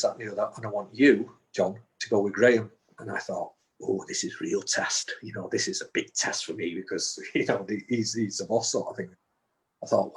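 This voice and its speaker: A man's voice: fairly low pitch, breathy edge. A man, a guest telling a story and acting out the dialogue, with frequent restarts. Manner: recounts events with repeated restarts and acted-out quotes. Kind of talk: storytelling in conversation.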